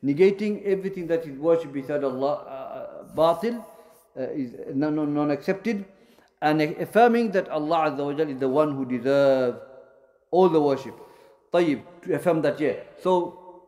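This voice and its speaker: In a classroom lecture, a male Islamic studies teacher talks at a normal pace in a warm, fairly high voice. His explanations are full of fillers and mid-sentence corrections, and he mixes Arabic vocabulary into English.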